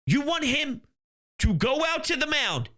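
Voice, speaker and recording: A young man hosting a sports talk show, ranting heatedly with bursts of shouting. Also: very high-pitched, very animated, measured pace.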